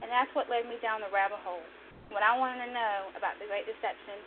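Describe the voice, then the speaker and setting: A woman's voice: medium pitch, steady tone, fast. A woman hosting an online religious talk show, speaking fervently and preachily, rambling and repeating herself. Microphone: online radio stream. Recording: tinny phone-line audio, faint noise.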